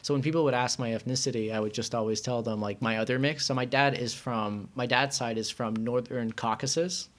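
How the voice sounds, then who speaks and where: A man's voice: mid-range voice, fairly even intonation, fairly quick, few pauses. Rambling man from Iran, casual chat. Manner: rambling, filler-heavy, often says "like". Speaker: podcast guest.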